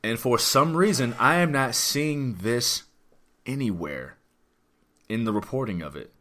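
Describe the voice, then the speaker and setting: A man's voice: mid-range voice, animated, unhurried, sharp tone. A man hosting a podcast, talking through wrestling news in a rambling, emphatic way with lots of rhetorical questions. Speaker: podcast host. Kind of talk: casual wrestling chat.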